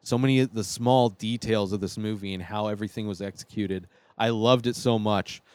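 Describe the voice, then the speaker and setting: Talking a little fast in a fairly low, steady, darkish voice, a man hosting his own show ranks films casually. He rambles with enthusiasm, stumbling through fillers and restarts, captured in a dry recording.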